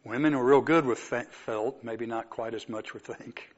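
A man preaching a sermon, telling a story and moving from soft asides to emphatic exclamations. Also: mid-range voice, moderate pace, lo-fi sound.

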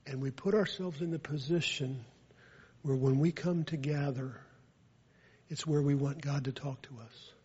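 A man with a Southern US accent, preaching a sermon that turns into a lively story, speaking quietly at times and loudly at others. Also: mid-range voice, unhurried, slightly rough. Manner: animated, builds from quiet to loud when telling a story. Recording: dull lo-fi recording.

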